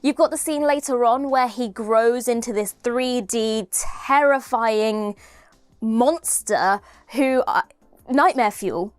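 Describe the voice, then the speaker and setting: A woman's voice: fairly high pitch, a little slow, dry recording. A woman giving a chatty, enthusiastic spoken review of a TV episode, often restarting her phrases. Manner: enthusiastic, chatty, frequent self-corrections.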